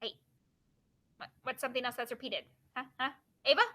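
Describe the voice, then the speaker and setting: A woman teacher reading poems aloud to her class and quizzing her students with quick questions. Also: high-pitched, fairly even intonation, pushed and bright.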